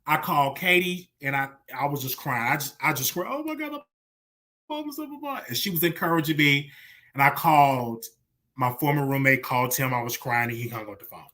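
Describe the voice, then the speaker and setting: A bright, forward voice from a show host in their thirties, speaking as a personal storytelling monologue. The telling is emotional and repetitive. Loudness swings from hushed to raised. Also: medium pitch, fairly even intonation, fairly quick. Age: 30s.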